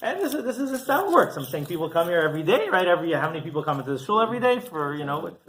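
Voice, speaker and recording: Rabbi guy telling a story at shul, super animated, chuckles a lot. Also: on the high side, rapid-fire, slight background noise. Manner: animated, chuckling, keeps asking "right?". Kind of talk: sermon storytelling. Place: synagogue.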